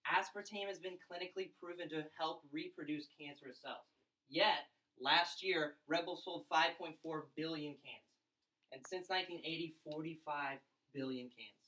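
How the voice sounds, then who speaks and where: A young man telling his story and pitching to a room of college students, excited and fast, acting out other people's lines. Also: echoey room, distant mic, low-quality recording. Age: young adult. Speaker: event speaker. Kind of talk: energetic pitch talk to a crowd.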